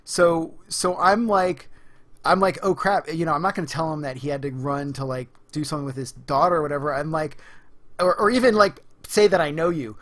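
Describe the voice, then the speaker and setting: A podcast co-host telling a story in casual chat, animated and laughing often, with many fillers. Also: medium pitch, brisk.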